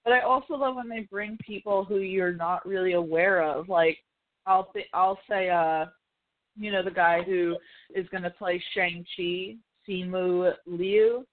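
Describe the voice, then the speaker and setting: A woman's voice: fairly low pitch, steady tone, a little slow. A woman hosting a podcast, chatting casually about films, swearing freely and acting out quotes. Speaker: podcast host. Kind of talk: casual pop-culture chat. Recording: tinny phone-like call audio.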